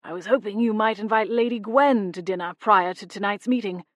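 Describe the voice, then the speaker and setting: Woman playing an old English gentleman ghost, Oxford accent, formal, nervously polite, prim. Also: mid-range voice, brisk, no room sound, clean studio sound, natural voice.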